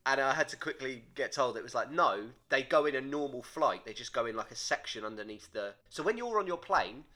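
A man's voice: medium pitch, animated, fairly quick, bright, forceful tone. A young man, co-hosting a casual comedy chat with lots of swearing and teasing. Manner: swearing, teasing, game-show banter. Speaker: podcast co-host.

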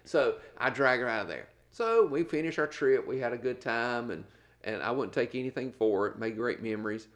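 A middle-aged man from North Carolina, an animated storyteller laughing through a casual podcast chat as co-host. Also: medium pitch, moderate pace.

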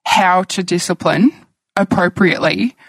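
This is a woman in her thirties with a gravelly, creaky edge to her voice, speaking as a guest in a candid, reflective way. She sits close to the mic in a dry room with no echo. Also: lowish voice, a little slow. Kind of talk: personal conversation.

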